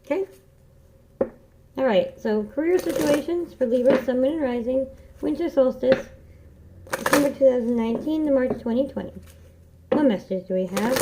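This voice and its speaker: Her voice sits high and moves at a moderate pace as she gives a casual tarot reading, earnest and encouraging, repeating key phrases mantra-like. The dull lo-fi home recording is very noisy.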